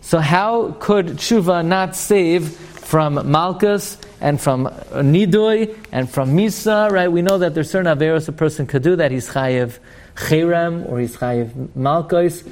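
A man teaching an online Torah class, explaining texts in an animated, jokey way. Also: a little high, a little slow.

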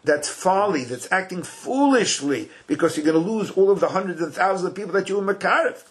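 A man's voice: high-pitched, brisk. An older man teaching a Torah class in casual English full of Hebrew and Yiddish terms, telling stories with folksy asides. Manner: animated, folksy retelling with asides.

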